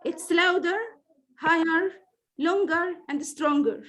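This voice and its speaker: A woman's voice: very high-pitched, slow pace, fairly bright tone. A woman running an online training session for teachers, patient and repeating her words, with many fillers.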